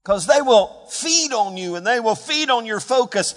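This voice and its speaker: A man preaching a sermon as a pastor, swinging between hushed, quiet passages and louder emphatic ones. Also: very high-pitched, expressive, moderate pace, hardly any pauses, in a large hall. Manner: dynamic preaching, dropping to hushed tones and rising for emphasis.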